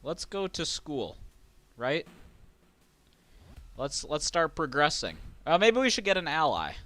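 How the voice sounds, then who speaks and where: A man streaming a horror game, casually chatting, reading game text aloud and getting excitable. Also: fairly high pitch, measured pace. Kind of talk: casual let's-play commentary.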